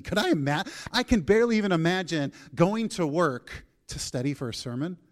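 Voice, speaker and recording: A male pastor preaching a sermon, telling a personal story, acting out his prayers and moving between soft, quiet passages and emphatic, raised ones. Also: on the high side, lively intonation, fairly quick, few pauses.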